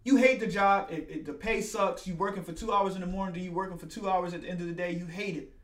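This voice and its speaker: Philly host, high voice, animated storyteller, echoey room. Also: male voice, quick pace. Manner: animated storyteller, acts out quotes. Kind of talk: casual conversation. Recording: roomy echo.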